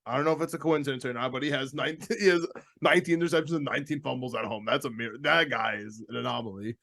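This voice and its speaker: A young man, co-hosting a sports podcast and venting in exasperated, animated chat. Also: mid-range voice, racing, creaky. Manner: exasperated, animated storytelling with laughs. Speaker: podcast co-host.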